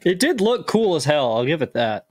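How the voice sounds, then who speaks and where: A man's voice: fairly high pitch, very animated, moderate pace, no room sound. A young man co-hosting a racing podcast, joking and laughing often. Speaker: podcast co-host. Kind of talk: casual chat.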